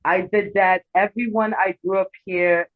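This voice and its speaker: A woman's voice: medium pitch, steady tone, unhurried, reverberant. A woman rapper from Pennsylvania with a mixed Bahamian and American accent, talking casually and rambling with fillers. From Pennsylvania, USA. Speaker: rapper and guest. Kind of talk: casual interview chat. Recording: tinny phone-like call audio.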